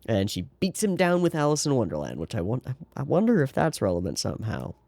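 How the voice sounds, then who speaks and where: A man's voice: mid-range voice, wildly swooping pitch, fairly quick, creaky, a little mellow, dry recording. A man hosting an anime reaction, talking through the episode in a casual, sarcastic way with rambling asides.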